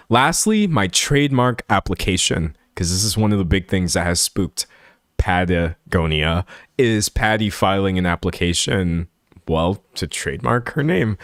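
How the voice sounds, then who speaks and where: A man's voice: on the low side, dry recording, studio quality. A man talking through a story in casual commentary, chatty and self-correcting as he reads comments aloud. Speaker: commentary streamer. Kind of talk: casual live-stream commentary.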